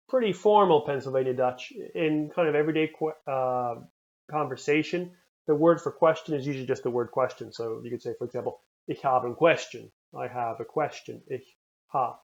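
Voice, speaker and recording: A man teaching a recorded language lesson, repeating words slowly and carefully for the learner. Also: mid-range voice, gravelly, lo-fi sound. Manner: slow, careful pronunciation drills.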